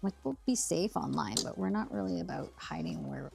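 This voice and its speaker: Chatty woman with a gravelly low voice. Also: lively intonation, a little fast, a little mellow, faint music behind. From Canada. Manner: chatty, laughs often, thinks aloud. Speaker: sewing livestream host. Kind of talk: casual chat while sewing, reading viewer comments.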